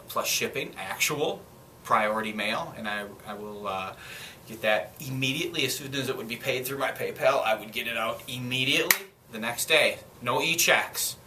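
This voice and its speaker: Casual vlogger, male, Minnesota accent, rambly and gripey, middle pitch, faint noise behind. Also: bright, forceful tone. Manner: rambling and chatty, with frequent fillers and self-corrections; gripes with mild swearing. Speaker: collector selling and trading items. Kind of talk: casual unscripted vlog.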